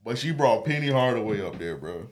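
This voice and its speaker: A young man co-hosting a podcast, telling a childhood story in casual slangy talk, often laughing and getting animated. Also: medium pitch, brisk, a crowd in the background. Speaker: podcast co-host.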